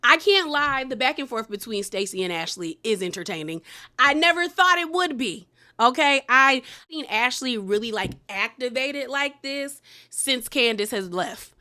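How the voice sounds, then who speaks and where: A woman's voice: high voice, expressive, moderate pace, pushed and bright. A woman giving a casual, sassy recap of a reality TV episode, retelling the scenes in quoted voices and laughing now and then.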